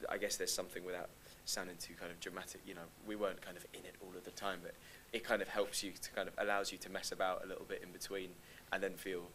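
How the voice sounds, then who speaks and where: Young man, very low voice, rapid hesitant talk with frequent restarts, stage Q&A guest. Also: little pitch movement, sharp tone, a little hiss or hum, poor audio. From London. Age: young adult. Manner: hesitant, restarts often, laughs lightly. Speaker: actor guest. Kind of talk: live Q&A conversation. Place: live stage event.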